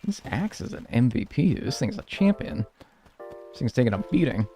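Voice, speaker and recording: A man from North America talks his way through a live gameplay session in a loose, rambling, joking way. His voice swings widely in pitch and breaks into sudden loud yelps. Faint game music plays beneath him. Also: sing-song, moderate pace. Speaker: streamer playing a life-sim game. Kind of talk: casual live gameplay commentary.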